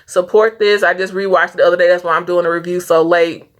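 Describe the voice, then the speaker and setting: A woman's voice: fairly low pitch, steady tone, fast talker. A woman vlogging a casual movie review, earnest and rambling, fighting back tears as she talks. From Saint Louis area. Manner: earnest, rambling, stops and restarts often. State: tearful, fighting back crying.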